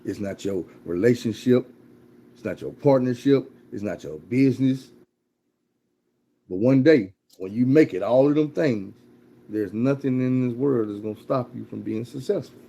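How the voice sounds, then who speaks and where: A man's voice: medium pitch, normal speed, gravelly, mellow, husky, highs cut off. A man telling a motivational story in a blunt, profane, repetitive way.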